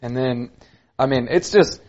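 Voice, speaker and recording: A man's voice: mid-range voice, measured pace, darkish tone, dull audio. A man co-hosting a casual Bible study talk, speaking in a chatty, conversational way. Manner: conversational, chatty, frequent "you know". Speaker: podcast co-host, preacher.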